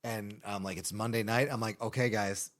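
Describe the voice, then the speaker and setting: Low-voiced man telling a wild story. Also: moderate pace. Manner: animated, laughing, acts out voices in anecdotes. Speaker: guest actor. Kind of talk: casual storytelling.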